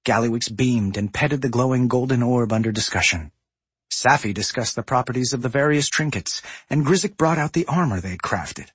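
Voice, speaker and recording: A man narrating a fantasy story in an expressive, lively storytelling manner. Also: mid-range voice, normal speed, breathy edge, no room sound. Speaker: audiobook narrator. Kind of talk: scripted narration.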